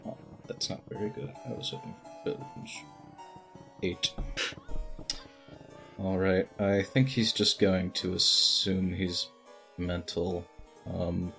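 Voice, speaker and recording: Low-voiced man playing a tabletop game. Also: level tone, slow, long pauses, pushed and bright, soft background music. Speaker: player.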